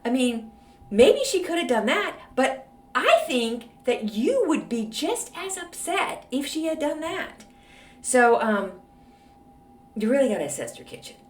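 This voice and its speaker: Snarky woman podcaster, lively and roomy. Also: high voice, measured pace. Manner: snarky, gossipy storytelling with many fillers. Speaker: podcast host answering advice letters. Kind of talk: casual solo podcast chat. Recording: roomy echo, voice off-mic.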